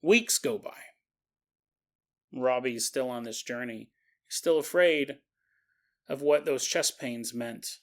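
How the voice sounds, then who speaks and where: A man's voice: mid-range voice, slow pace, pauses often, fairly bright tone. A man hosting a podcast, retelling a story casually with joking asides and chuckling tangents. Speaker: podcast host.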